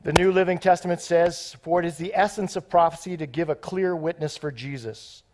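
A man preaches with excitable, off-the-cuff energy and breaks into banter with the people in front of him. His voice sits a little higher than most men's. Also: a little fast, noisy background. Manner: excitable, off-the-cuff, joking with the congregation. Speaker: guest preacher. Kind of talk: sermon.

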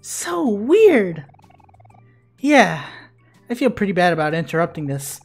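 A woman's voice: fairly low pitch, very animated, measured pace, a little mellow, husky, soft background music. A woman giving let's play commentary, exclaiming and swearing jokingly at the game. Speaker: gaming YouTuber.

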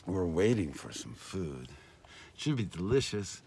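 A man rambling in a casual vlog, outdoors at a food stand, his voice swinging between loud and muttered. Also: sits low, very animated, unhurried, husky. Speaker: vlogger. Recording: noisy street ambience.

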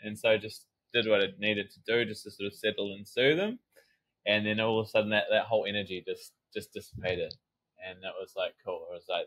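A man with a low voice tells his story as a sobriety coach in a relaxed podcast chat. He acts out his own inner voices and swears casually now and then. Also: brisk, rough recording.

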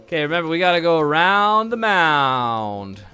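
A young man hosting a let's play, commenting in an excitable, jokey way with sudden yelps and shouts. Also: fairly high pitch, normal speed, clear, resonant tone, faint music behind. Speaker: gaming video host.

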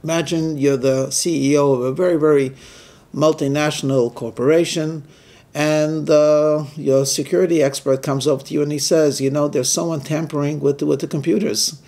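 A man's voice: on the high side, normal speed. A man, a rabbi, telling a story as a weekly sermon and briefly voicing the people in it. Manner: animated storyteller who voices the people in his stories.

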